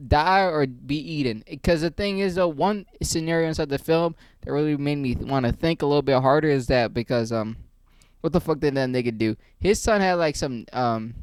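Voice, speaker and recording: A man's voice: mid-range voice, clean tone, no room sound. A man hosting his own channel, ranting casually and profanely about a movie, rambling and joking. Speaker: channel host reviewing a movie.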